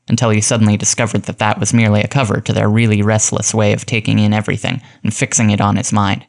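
Male audiobook narrator, measured and steady storytelling delivery, fairly low voice. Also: creaky.

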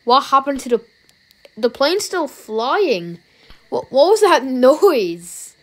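A woman with an Irish accent giving let's-play commentary as a YouTuber, talking to herself and reacting with jumpy, excited outbursts. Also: sits high, takes it slowly, rough recording. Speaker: YouTuber playing a game.

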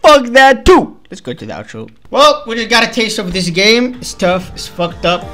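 A man commentating his own gameplay, yelling at a hard boss fight and swearing, with quiet mumbled asides between outbursts. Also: high voice, big pitch swings, normal speed, faint music behind. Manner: shouts and yells at the game, swears, slangy. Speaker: gaming YouTuber.

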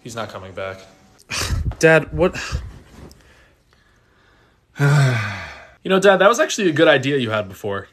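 A man's voice: mid-range voice, very animated, unhurried, long pauses, a bit bright. A young man playing the son in a comedy family sketch, teasing and giggling as he pushes his dad into costumes. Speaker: son and skit creator.

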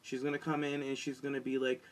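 A man co-hosting a podcast, chatting in a sassy, animated way and mocking people with quoted lines. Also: mid-range voice, fast talker, a little hiss or hum, low-quality recording. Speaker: podcast co-host. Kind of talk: casual chat.

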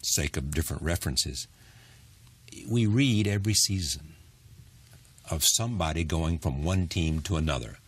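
A man with a very deep voice hosts a television interview. He opens with a scripted introduction, then moves into relaxed, probing questions, often prompting his guest mid-thought. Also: normal speed, long pauses, slightly rough.

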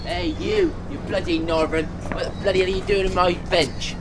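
A man doing a squeaky Bristol bench guy. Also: big pitch swings, moderate pace, creaky, heavily acted. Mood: indignant. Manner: bantering, then indignant and swearing. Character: cheeky Bristol man guarding his bench. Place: outdoors by the water. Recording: loud outdoor noise, boats and water.

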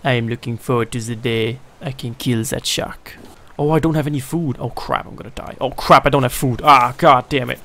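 Excitable man yelling at his game. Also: medium pitch, a little fast. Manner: excitable, jokey, yells at the game. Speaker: gaming video host. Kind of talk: let's play commentary.

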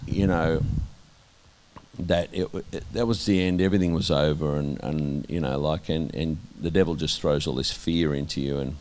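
An Australian man sharing candid testimony in an interview, earnest and halting, with many restarts and a voice that drops soft at times. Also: very deep voice, steady tone, slight background noise. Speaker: interviewee, minister.

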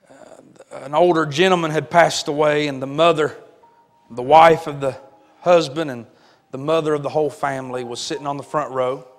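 A man preaching a sermon, telling a story dramatically and building to shouts. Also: on the high side, steady tone, moderate pace. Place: church sanctuary. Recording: long hall reverb with faint music.

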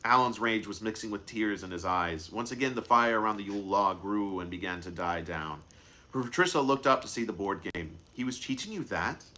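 Deep-voiced man reading his book aloud. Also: a little fast, pushed and bright. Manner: unscripted stumbles and self-corrections. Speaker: author and narrator.

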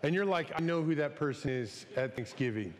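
Guy pastor chatting through a sermon, kinda high voice, long echoey church reverb. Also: expressive, fairly quick. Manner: chatty, conversational, acts out little quoted voices. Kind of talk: casual sermon. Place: church sanctuary.

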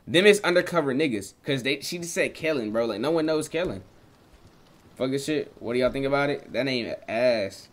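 Joking young streamer, chatting with viewers. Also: male voice, moderate pace. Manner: loose, joking slang, chatting with viewers, swings from loud excitement to low mutters. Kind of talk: casual live-stream chat while gaming.

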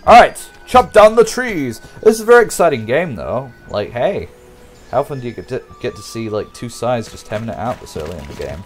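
Animated man commentating a strategy game. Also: medium pitch, fairly quick, soft background music. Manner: jokey, rambling, talks to the viewers. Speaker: gameplay commentator. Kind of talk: casual let's-play commentary.

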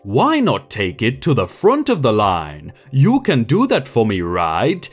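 A woman's voice: extremely low pitch, huge pitch swings, unhurried, husky, faint music behind, heavily acted. A man voicing a pushy, entitled old woman shopper who talks down to people in a put-on foreign accent. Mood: demanding.

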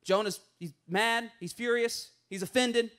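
A pastor delivers a sermon in a strikingly high voice. He is animated and playful, slipping into voices for the people in his stories. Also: measured pace, smooth.

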